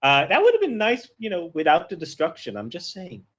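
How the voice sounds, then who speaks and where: A man's voice: sits high, huge pitch swings, fairly quick, fairly bright tone. A man running a tabletop game as game master, describing scenes in a loose, rambling way. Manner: rambling, full of fillers and restarts.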